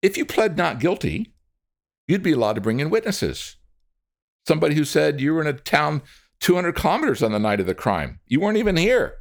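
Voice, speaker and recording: Brief: world-weary judge, lecturing and exasperated, raised pitch, as a storyteller puts him on. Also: male voice. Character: weary, sardonic male small-town judge.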